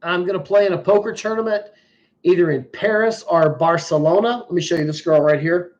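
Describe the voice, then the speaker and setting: Brisk and high-pitched with a darkish tone, an American man runs a live stream, chatting casually and telling stories in a profane, blunt manner. The stream audio is muffled.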